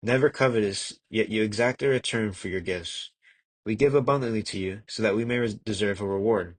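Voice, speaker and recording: A young adult man with a fairly low voice reads an old devotional text for an amateur audiobook, measured and earnest, occasionally stumbling and restarting a word. The close, dry recording has almost no room sound.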